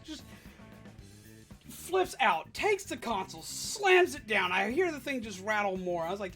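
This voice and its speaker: A young adult livestream host telling a work story in an animated, sarcastic rant while chatting with viewers. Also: sits high, normal speed, soft background music. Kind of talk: live stream storytelling rant.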